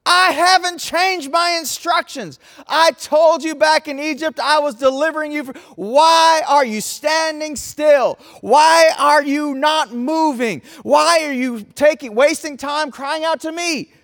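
A preacher voicing God, an insistent commanding deity. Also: male voice, extremely high pitch, measured pace, few pauses, fairly bright tone, pitched above the performer's own voice, heavily acted. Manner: insistent, questioning, emphatic. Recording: long reverb in a large hall.

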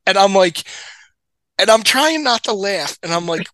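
A man who used to work with the host, swapping old work stories and teasing him with quick jokes. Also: high voice, animated, bright, forceful tone, low-quality recording. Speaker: podcast guest, former coworker. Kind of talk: casual storytelling chat.

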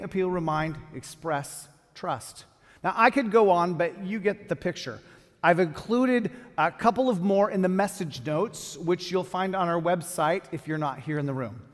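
A pastor preaching a sermon and reading scripture aloud with feeling. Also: male voice, high-pitched. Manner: expressive, reads scripture with feeling. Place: church hall. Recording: long hall reverb.

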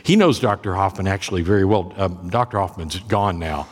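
Pastor telling a story in a church. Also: male voice, deep voice, animated, a little fast, breathy edge. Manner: conversational, repeats words and restarts. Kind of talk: sermon storytelling. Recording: long reverb of a church.

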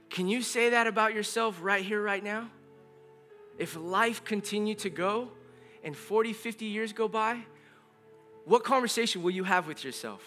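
Bright high-voiced male pastor preaching. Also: normal speed, faint music behind. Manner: earnest, conversational, repeats phrases. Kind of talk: sermon.

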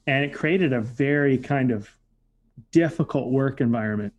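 A man's voice: medium pitch, normal speed, muffled recording. A man casually telling a personal story, reflective, with lots of "like" and "you know" fillers. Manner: reflective, filler-heavy with frequent "like".

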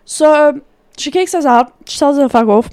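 A woman's voice: high-pitched, moderate pace. A woman co-hosting a podcast, telling a story casually with lots of swearing and frequent laughter. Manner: profane, animated, laughs often. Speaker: podcast co-host.

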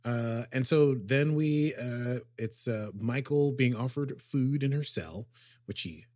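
A man co-hosting a podcast, casually recapping an episode with lots of fillers and quick acted quotes. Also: medium pitch, darkish tone, no echo, clean studio sound. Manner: rambling, filler-heavy summarizing with acted quotes. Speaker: podcast co-host.

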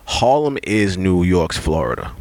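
A man from Brooklyn, co-hosting a casual podcast chat and telling stories in an animated, profane way. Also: sits low, a little slow, noisy background. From Brooklyn, New York. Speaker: podcast co-host.

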